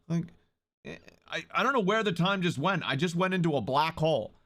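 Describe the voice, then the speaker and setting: A man live-streaming who talks loudly and excitably, swearing and greeting viewers in chat. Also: fairly high pitch, moderate pace.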